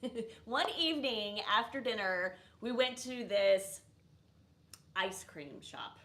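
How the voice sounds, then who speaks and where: A middle-aged woman co-hosting a live stream, telling stories with animated exclamations. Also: mid-range voice, slow pace, a little hiss or hum. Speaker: co-host. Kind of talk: casual chat on a live stream.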